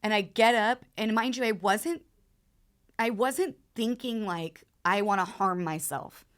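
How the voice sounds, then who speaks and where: This podcast guest, a woman in her thirties with a mid-range voice, relates an emotional personal story. Her delivery comes in halting bursts, thick with filler words and repetitions.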